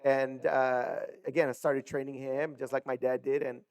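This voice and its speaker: A man's voice: mid-range voice, flat delivery, normal speed, darkish tone, smooth. A man and coach telling long casual stories, rambling with lots of filler words. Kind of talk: casual storytelling.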